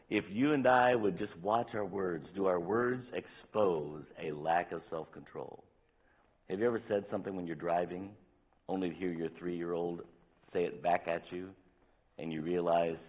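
A middle-aged pastor preaches in a candid, conversational way, slipping into quick quoted asides. His voice is on the low side, gravelly and a little husky. The sound is thin and tinny, like a phone line. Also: animated. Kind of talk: sermon.

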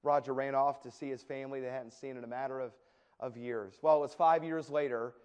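A male preacher telling a story in a sermon, animated and often repeating words as he goes. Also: mid-range voice, brisk, clear, resonant tone. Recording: echoey hall with long reverb.

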